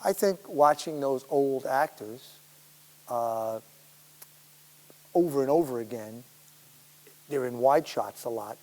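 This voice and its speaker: A man who is a guest actor, telling rambling, animated anecdotes at a public Q&A, laughing and swearing as he goes. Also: medium pitch, slow pace, long pauses. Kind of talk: storytelling in a public Q&A. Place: school auditorium. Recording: echoey hall with faint hiss.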